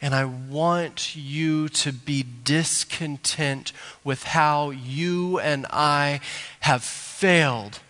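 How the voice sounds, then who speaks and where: A male pastor, preaching a sermon slowly and deliberately, building to emphatic rises. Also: a little high, pushed and bright. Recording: long hall reverb.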